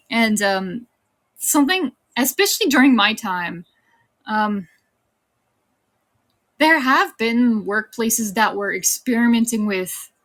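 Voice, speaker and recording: A woman's voice: medium pitch, fairly bright tone. A woman in her thirties with a slight Irish tinge, chatting casually on her streaming debut and laughing often. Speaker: VTuber streamer. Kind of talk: casual livestream chat.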